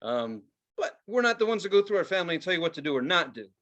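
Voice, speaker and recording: A man's voice: high voice, quick pace, lo-fi sound. A young adult man co-hosting a podcast, telling stories in casual chat with lots of cursing and acted-out quotes. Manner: profane, animated storytelling with voiced quotes. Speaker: podcast co-host.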